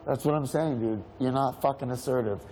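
A man's voice: medium pitch, fairly quick, mellow, a little hiss or hum, lightly acted, low-quality recording. An actor playing an entitled male rapper who rants at his friend in an abrasive, cursing film scene. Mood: bitter rant.

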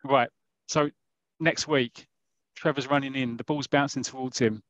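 A man's voice: medium pitch, steady tone, a little slow, fairly bright tone, no room sound. A man with a South East London accent, telling a comic story as rambling mock football commentary on a podcast. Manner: rambling, with self-interrupting restarts and asides. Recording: dull lo-fi recording.

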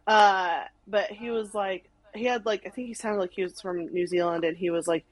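Young woman, casual podcast guest, animated, lots of "like", mid-pitched voice. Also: a little fast, hardly any pauses, rough recording. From Arkansas, USA. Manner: animated, many "like"s, acts out quotes. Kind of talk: casual storytelling chat.

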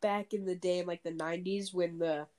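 A woman's voice: on the low side, steady tone, brisk, darkish tone. A woman on a casual podcast, telling a long story with lots of fillers and restarts, talking over a voice call. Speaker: podcast co-host. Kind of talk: casual chat.

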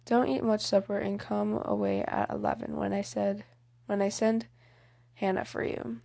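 A woman's voice: medium pitch, level tone, moderate pace, gravelly, dark tone, no echo, clean studio sound. A woman reading the lines of a caring, motherly woman in an audiobook, affectionate in manner. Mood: fond. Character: caring mother Mrs. March, fond and motherly.

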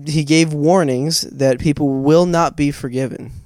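A man's voice: fairly high pitch, steady tone, a little slow, no room sound, studio quality. A man co-hosting a casual podcast, reading out a news item with teasing chuckles. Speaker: podcast co-host, news segment. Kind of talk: casual chat. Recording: loud music behind voice.

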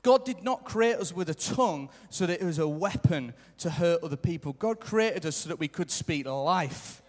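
A man's voice: on the high side, expressive, moderate pace. Earnest male preacher in a reverberant church. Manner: earnest, repetitive emphasis, acts out quoted lines. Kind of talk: sermon. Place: church hall. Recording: live church hall reverb.

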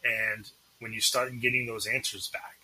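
A man's voice: fairly low pitch, little pitch movement, normal speed, pushed and bright, husky, rough recording. A man with a Massachusetts accent, a paranormal investigator, telling a story and acting out the dialogue as a podcast guest.

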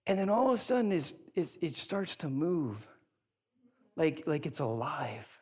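A middle-aged male pastor preaching a sermon, telling a story with big jumps up in pitch when excited and dropping quiet for serious points. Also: unhurried, breathy edge. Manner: animated storytelling, voice leaping high when excited.

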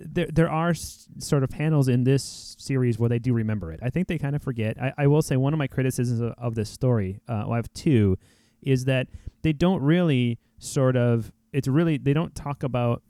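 A man co-hosting a casual podcast chat, thoughtful and halting, often restarting his sentences. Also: mid-range voice, mellow, dry recording. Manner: thoughtful, hesitant, restarts a lot. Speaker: podcast co-host.

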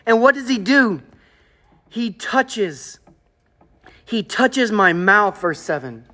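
Very high-pitched man in his thirties, pastor delivering an emphatic sermon with repeated phrases. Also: big pitch swings, slow, bright, forceful tone. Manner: emphatic, rhetorical questions, repeats key phrases.

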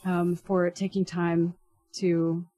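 A middle-aged woman hosts a podcast conversation. She introduces her guest and asks questions in a careful, thoughtful way, pausing with the odd um and restart. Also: on the low side, level tone, no echo. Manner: warm, careful speech with fillers and restarts. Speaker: podcast co-host and interviewer. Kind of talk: podcast interview.

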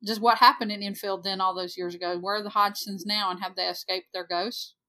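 A woman's voice: medium pitch, steady tone, brisk, pushed and bright. A woman in her forties co-hosting a podcast, reading a ghost story aloud with joking asides. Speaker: podcast co-host.

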